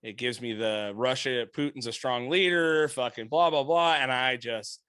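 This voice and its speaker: A man's voice: medium pitch, moderate pace, smooth, dry recording. A middle-aged man co-hosting a podcast, telling a story in casual, profane chat and laughing often. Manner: profane, animated storyteller who laughs a lot. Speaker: podcast co-host.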